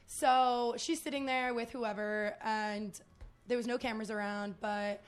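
A young woman with a fairly high voice tells a story as a podcast guest. She talks loosely, drops swear words, laughs as she goes, and fills her sentences with "like". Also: fairly even intonation, a little slow, clean tone. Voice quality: laughing often, swearing, lots of "like". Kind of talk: casual chat.

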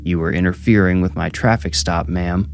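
A man's voice: low-pitched, steady tone, moderate pace, gravelly, faint music behind. A man playing a skinny young fake police officer, curt and officious with a menacing edge. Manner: curt, officious, hesitant when pressed.

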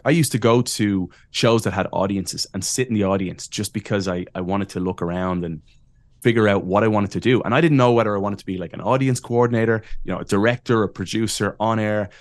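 A man in his thirties with an Irish accent, a podcast guest telling lively, self-deprecating stories and laughing often. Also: on the low side, dry recording. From Ireland. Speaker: podcast guest, wrestling announcer. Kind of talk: casual interview storytelling.

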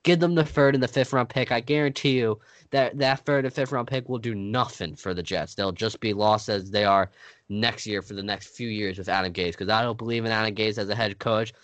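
A man's voice: lowish voice, steady tone, a little fast, a bit bright, dry recording. A man co-hosting a podcast in casual sports chat, making his points emphatically and firmly. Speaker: podcast co-host.

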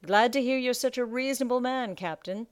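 A woman voicing a coarse-voiced male pirate captain who talks in a slow, mocking and menacing way. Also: a little high, smooth, dry recording, voice pushed up, natural voice. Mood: mocking menace.

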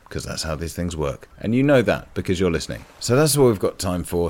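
Deep-voiced sweary podcast host. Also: male voice. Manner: sweary, rambling, self-deprecating. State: tipsy from wine. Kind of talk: casual podcast chat reading listener submissions.

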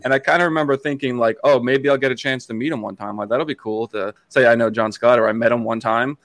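Chatty late-20s guy from Massachusetts, rapid delivery, dry close mic. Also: medium pitch, fairly even intonation, a bit bright, no room sound. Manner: rapid, chatty, many restarts. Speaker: podcast producer, guest. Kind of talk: casual storytelling chat.

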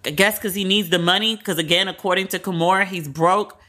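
A woman hosting a podcast, casually retelling celebrity drama in a candid, profane, animated way. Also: lowish voice, brisk. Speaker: podcast host. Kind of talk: casual celebrity gossip commentary.

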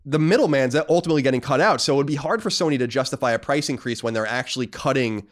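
A man co-hosting a casual podcast, talking emphatically and rambling with quick restarts. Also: mid-range voice. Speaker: podcast co-host.

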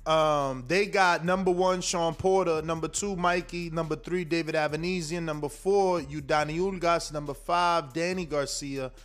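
A man's voice: fairly high pitch, steady tone, normal speed, hardly any pauses, a bit bright, soft background music. Rambling boxing show host, a man. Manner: rambling, reads rankings aloud with stumbles. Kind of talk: casual chat.

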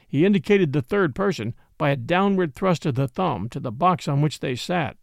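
A man narrating a classic adventure story as an audiobook, in an expressive storytelling manner. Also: a little high, brisk, vocal fry, hardly any pauses, no room sound, studio quality. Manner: expressive storytelling with varied character voices. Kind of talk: audiobook reading.

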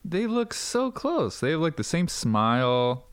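A man's voice: on the high side, sing-song, unhurried, clean tone, no echo. A man chiming in as a podcast co-host with short remarks and lookups. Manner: brief interjections, looking things up. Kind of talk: casual podcast banter.

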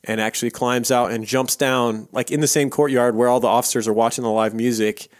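A male podcast host in the middle of a loose, rambling retelling, dropping swears and filler words as he goes. His voice sits at an ordinary pitch for a man. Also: steady tone, a little fast. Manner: rambling storytelling with profanity and laughs. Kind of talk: casual history podcast chat.

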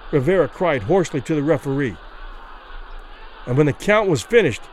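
Male podcast storyteller, high-leaning and animated, dramatic literary reading. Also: poor audio. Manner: expressive, acts out the quoted lines.

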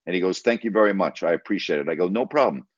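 Low-voiced man telling a story. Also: lively intonation, quick pace, no room sound. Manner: emphatic, retells conversations with repeated "I said". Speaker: former team broadcaster. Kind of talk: casual storytelling in an interview. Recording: dry, slightly dull audio.

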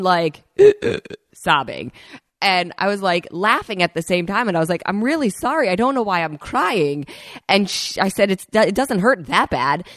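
Lower-voiced chatty woman podcast host. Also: dry recording, studio quality. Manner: chatty, personal storytelling addressing listeners. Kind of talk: casual podcast talk.

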